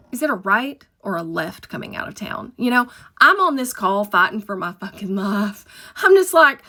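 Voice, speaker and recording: A woman's voice: medium pitch, big pitch swings, a little slow, pushed and bright. A middle-aged woman telling a story about her old dispatch job in a profane, emphatic, dramatic way. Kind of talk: casual storytime monologue.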